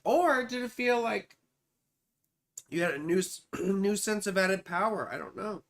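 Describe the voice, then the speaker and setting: A woman's voice: medium pitch, expressive, unhurried. A woman astrologer giving a live chart reading. She talks in a rambling way, drifts into asides, and calls the viewer sweetheart and baby.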